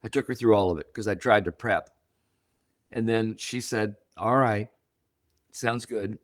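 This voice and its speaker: Here a seventy-something man, guest in a storytelling interview, speaks at a moderate pace in a fairly low voice. He is animated, voicing the quoted dialogue as he goes. The studio sound is clean, without echo.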